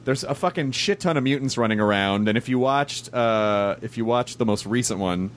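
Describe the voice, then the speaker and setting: A man hosting a casual interview, excitable and animated, who swears freely as he tells stories. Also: mid-range voice, normal speed, slight background noise. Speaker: interview host.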